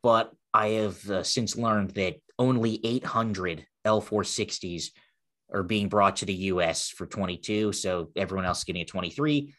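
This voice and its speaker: Casual low-voiced man. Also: normal speed, fairly bright tone. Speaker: co-host. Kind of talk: casual car chat.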